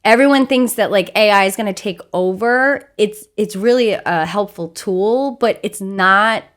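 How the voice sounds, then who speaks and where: A woman comedian chatting on a podcast, animated and full of fillers and quick asides. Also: medium pitch. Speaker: stand-up comedian guest. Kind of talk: casual podcast chat.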